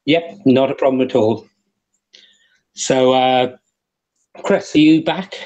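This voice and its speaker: A man running a tabletop game as game master, chatting with his players and often pausing with "uh" and restarting his sentences. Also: medium pitch, a little mellow, highs cut off.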